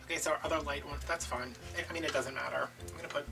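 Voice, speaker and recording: A low-pitched woman chats as she sews, often breaking off mid-thought. She sits a little away from the mic. Clear background music plays under her voice. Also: fairly even intonation, rapid-fire. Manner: rambling, self-interrupting. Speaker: craft vlogger. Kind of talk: storytelling while sewing. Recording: distant mic with music behind.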